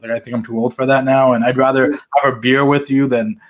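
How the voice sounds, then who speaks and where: Fast-talking, self-deprecating man host. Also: medium pitch, level tone. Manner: rambling, self-deprecating, full of fillers. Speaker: podcast host. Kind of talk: casual conversation. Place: convention venue.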